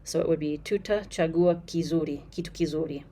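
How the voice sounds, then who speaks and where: A lower-pitched woman talks through a language lesson in a relaxed, unscripted way. She explains patiently, slows right down to repeat phrases and speaks frankly when something is wrong, over a faint hiss of background noise. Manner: frank and critical of the translations. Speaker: Swahili teacher. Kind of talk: casual screen-recorded lesson commentary.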